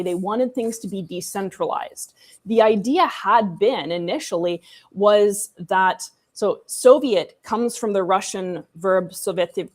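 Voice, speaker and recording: A woman's voice: mid-range voice, darkish tone. A woman co-hosting a casual history discussion, chatty and irreverent, with sarcastic asides. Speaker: co-host.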